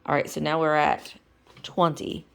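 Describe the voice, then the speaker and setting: Gravelly-voiced woman reading aloud. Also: low voice, flat delivery, unhurried, a bit bright. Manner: chatty asides between reading. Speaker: vlogger. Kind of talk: casual storybook reading.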